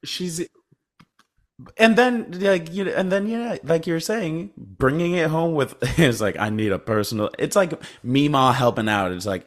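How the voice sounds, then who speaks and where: A man's voice: fairly high pitch, measured pace. A man co-hosting a podcast in casual chat, talking about a film with lots of fillers and acted-out quotes. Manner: lively, many fillers, acts out quotes. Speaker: podcast co-host.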